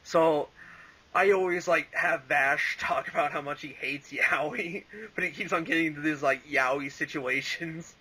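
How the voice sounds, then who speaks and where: Chatty young man, bright rambling voice. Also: fairly high pitch, measured pace, breathy edge, low-quality recording. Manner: rambling, full of "like" and "um", laughs often. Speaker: interview guest, fan voice actor. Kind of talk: casual interview chat.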